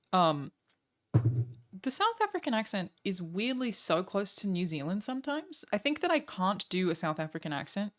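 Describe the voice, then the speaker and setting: A young woman streaming from home, chatting casually and joking at her own expense, with quick asides to her chat. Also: on the low side. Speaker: streamer reacting to a broadcast.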